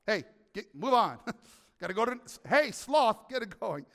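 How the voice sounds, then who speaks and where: A male pastor voicing the first man as a cheerful, hurried namer of animals, in a playful, offhand way. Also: high-pitched, big pitch swings, creaky, a bit bright, in a large hall, heavily acted.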